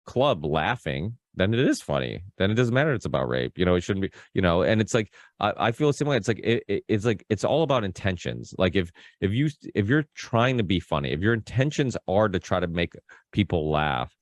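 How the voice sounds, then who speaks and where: A man's voice: low voice, very animated, brisk, no room sound. A man hosting a podcast in casual, rambling chat, full of restarts and fillers and freely swearing. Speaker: podcast host.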